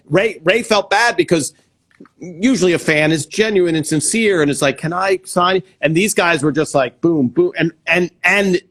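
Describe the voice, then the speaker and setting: A man's voice: on the high side, a bit bright. A man hosting a casual interview over a video call, chatty and enthusiastic. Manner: enthusiastic, chatty, laughs easily. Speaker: host.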